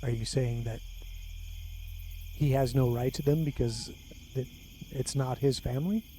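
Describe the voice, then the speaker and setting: Mellow-voiced man playing his character. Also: mid-range voice, steady tone, unhurried, a little hiss or hum. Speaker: player. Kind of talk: in-character tabletop play.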